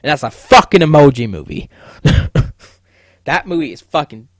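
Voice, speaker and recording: A man's voice: a little high, sing-song, moderate pace, no echo. A young man hosting a podcast, ranting casually with heavy swearing and stammered restarts. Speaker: podcast host. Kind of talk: casual solo podcast rant.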